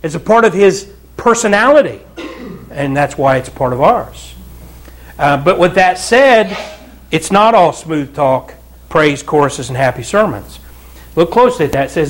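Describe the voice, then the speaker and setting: A man's voice: a little high, lively intonation, a little slow. A pastor preaching a conversational sermon to his church, with asides and repeated calls of "Amen?" to the congregation. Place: church sanctuary.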